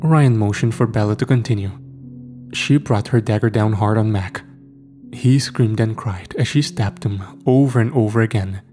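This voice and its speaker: A man narrating a first-person horror story in a steady, grim storytelling voice. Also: on the low side, normal speed, soft background music.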